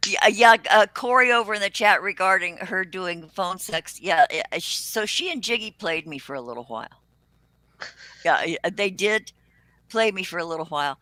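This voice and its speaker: An older woman co-hosts a casual livestream chat in a bright, forward voice. She talks readily and swears freely. The sound is close and dry. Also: mid-range voice, lively intonation, normal speed, no echo. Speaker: co-host.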